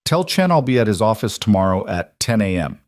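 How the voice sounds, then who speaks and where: A man's voice: fairly low pitch, sing-song, fairly quick, no room sound, clean studio sound. A man voicing a determined, guarded single father who talks in clipped, confrontational lines. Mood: firm.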